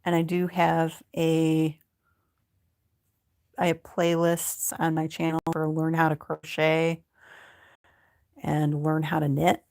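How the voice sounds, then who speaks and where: Low gravelly woman on a crochet livestream. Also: takes it slowly, pauses often. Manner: relaxed, reads viewer comments aloud. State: sleepy, yawning. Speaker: livestream host. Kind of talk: casual livestream chat while crocheting. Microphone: phone.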